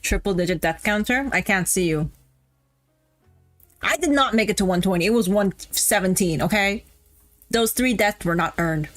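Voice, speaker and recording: A woman's voice: medium pitch, moderate pace, long pauses, faint music behind. A woman VTuber streaming casually while a little tipsy, rambling off topic, swearing and laughing. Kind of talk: casual livestream chat.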